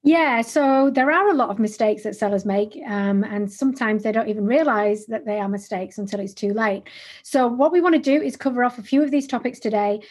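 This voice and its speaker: A woman in her forties co-hosting a business podcast, chatty and animated, often restarting her words. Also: fairly high pitch, fairly quick, breathy edge. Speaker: podcast co-host. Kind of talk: casual business podcast chat.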